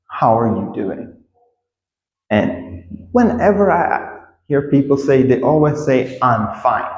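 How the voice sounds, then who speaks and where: Guy teaching english greetings, slow and friendly, echoey room. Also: medium pitch, muffled recording. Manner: friendly, repeats example phrases with lively acted-out intonation. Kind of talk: casual spoken English lesson.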